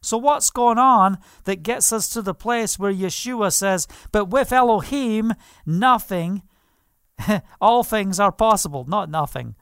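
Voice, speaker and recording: Man, pastor, fervent sermon, high voice, resonant, dry sound. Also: lively intonation, measured pace, fairly bright tone, clear, resonant tone, no room sound. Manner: fervent preaching with laughs and rhetorical questions.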